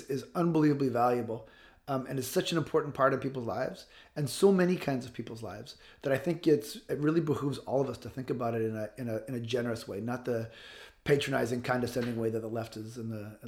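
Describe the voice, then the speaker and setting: A man's voice: mid-range voice, fast talker, a little mellow. A man of fifty speaking as an interview guest, blunt and passionate, swearing freely. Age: 50s. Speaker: guest author. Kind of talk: casual interview talk.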